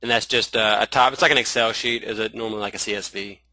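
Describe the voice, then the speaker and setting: Bright-toned Southern man teaching a webinar. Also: fairly low pitch, steady tone, dry recording, low-quality recording. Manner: halting, many restarts and fillers, addresses viewers as y'all. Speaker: online marketing trainer. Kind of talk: live webinar screen-share tutorial.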